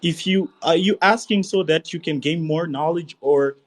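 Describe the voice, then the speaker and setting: A man calling in to a livestream debate, explaining his point in a halting, hesitant way with restarts. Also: fairly high pitch. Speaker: caller.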